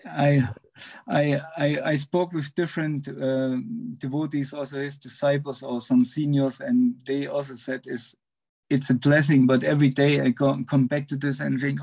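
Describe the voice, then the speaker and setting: Halting man with a gravelly voice. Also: mid-range voice, little pitch movement, darkish tone. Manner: halting, searching for words, laughs between phrases. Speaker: devotee sharing a memory. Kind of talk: casual online satsang sharing. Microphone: video call.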